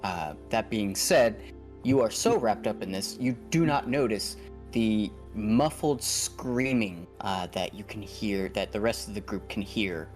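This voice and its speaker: A man's voice: lowish voice, measured pace, faint music behind. A man narrating a tabletop game as game master, rambling casually with many fillers.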